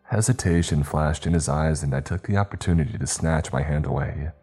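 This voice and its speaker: Very deep husky male storyteller. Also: a little fast, warm tone, faint music behind. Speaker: narrator. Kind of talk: first-person story reading.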